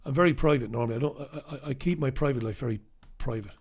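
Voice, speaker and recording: A man with a fast, mid-range, slightly mellow voice and a breathy edge hosts a live news review show. He gives solo commentary on the papers in an impassioned, emphatic way, repeating points for weight, and is blunt, with the odd swear word.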